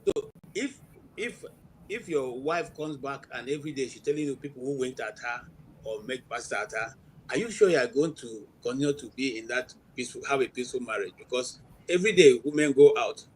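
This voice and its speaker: A man's voice: medium pitch, a little fast, breathy edge, low-quality recording. Man moderating a heated debate. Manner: calming, interjects to steer. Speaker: host.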